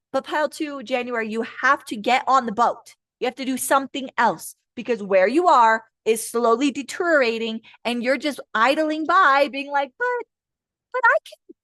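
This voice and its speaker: A young woman giving a casual live tarot reading, blunt and profane, who breaks into quick high-pitched voices to act out her listeners. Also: a bit bright, no echo, clean studio sound. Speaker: tarot reader.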